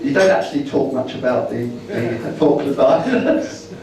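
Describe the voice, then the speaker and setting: A man's voice: medium pitch, expressive, moderate pace, a little mellow. A man giving a chatty, rambling slide-show talk about his travels, acting out the dialogue he quotes. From Britain. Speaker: speaker at a travel meeting. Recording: roomy hall, distant mic.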